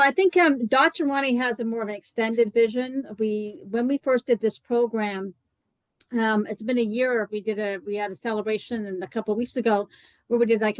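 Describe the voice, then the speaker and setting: A woman talks in a chatty, rambling way and fills her story with "like" and "you know." Her voice sits a little high and sounds dry and close, with almost no room around it. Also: no echo, poor audio. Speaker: co-host presenting a detox program. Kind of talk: live online talk, personal story.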